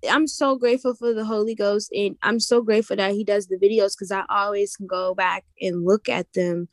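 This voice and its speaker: A young woman earnestly recounting a vision in halting, repetitive casual speech. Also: mid-range voice, steady tone, no echo. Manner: earnest, halting, repeats herself. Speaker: guest sharing a vision. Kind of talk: casual testimony.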